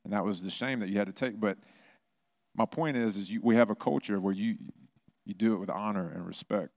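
A middle-aged man pastor giving a conversational sermon, telling personal stories with animated bursts. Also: on the low side, a little fast.

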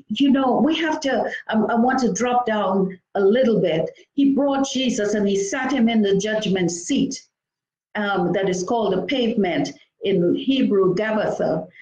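A woman's voice: on the high side, darkish tone, reverberant, rough recording. A woman preaching a sermon, reading scripture aloud and breaking in with exclamations between verses.

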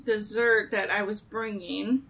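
A woman's voice: medium pitch, steady tone, measured pace, a bit bright, low-quality recording. A woman, a little tipsy, teasing her friend in a casual chat. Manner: teasing, playful.

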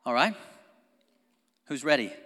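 A man preaching a sermon as pastor, passionate, swinging between loud exhortation and quiet, intimate talk, with frequent laughs and asides to the congregation. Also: medium pitch, animated, slow pace. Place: church sanctuary. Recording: long reverb of a church hall.

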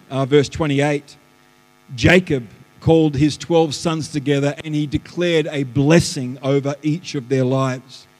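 A man, a pastor preaching a lively sermon that swings between loud bursts and hushed asides, in a church auditorium. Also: a little high. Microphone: live stream stage mic. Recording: live church hall reverb.

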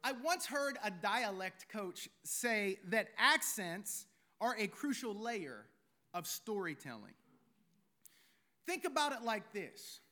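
A male pastor with a very high, bright voice delivers a sermon. His delivery is theatrical, shaped by years in show business. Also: very animated, takes it slowly. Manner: theatrical, former stage performer.

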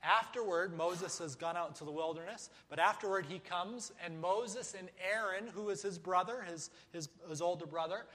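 A high-voiced man delivers a sermon from a church sanctuary, his words trailing off into a long hall echo. He preaches emphatically, asking rhetorical questions and hammering phrases through repetition. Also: normal speed, hardly any pauses, pushed and bright. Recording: echoey hall.

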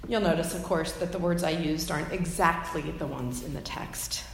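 A woman preaching a sermon, retelling a story with imaginative detail and gentle asides. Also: deep voice, moderate pace, slight background noise. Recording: echoey hall with faint ambience.

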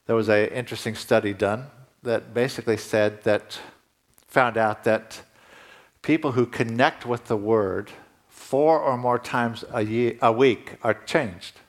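Male pastor, mid-pitched, easygoing conversational sermon delivery that lifts and presses on key lines. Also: a little slow. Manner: conversational preaching, rising emphatically at key points.

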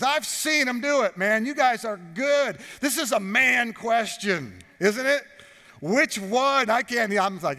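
A pastor preaching a sermon, joking and drawing the congregation in with questions. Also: male voice, very high-pitched, expressive, slow pace, sharp tone, big-room sound. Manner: jokey, talks with the congregation.

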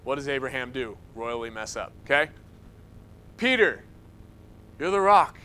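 A man preaching a sermon, telling stories in an animated way and acting out the quoted lines. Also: medium pitch, a little slow, slight background noise. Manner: animated storytelling, acts out quotes.

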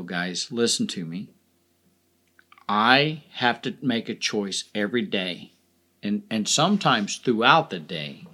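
Male podcast host, folksy and plain-spoken, mid-pitched, repeats key lines, casual cursing. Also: bright, forceful tone. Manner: folksy, blunt, swears casually, repeats phrases for emphasis. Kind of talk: motivational podcast talk.

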